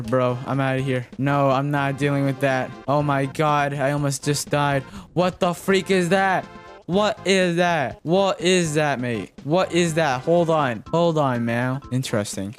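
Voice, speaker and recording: A young man chatters through a match in a mid-pitched voice, jumping between panic and jokes and saying the same thing over and over. Faint game music plays quietly behind him. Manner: frantic, jokey, repeats himself, yelps when startled. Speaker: gaming commentator. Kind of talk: casual gameplay commentary.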